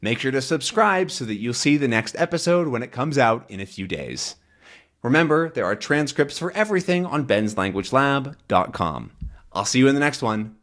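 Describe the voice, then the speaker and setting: A man's voice: mid-range voice, lively intonation, a bit bright. A man teaching English, explaining a comic story in a casual, patient way, stopping often to explain words. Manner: explains words slowly, many fillers and restarts.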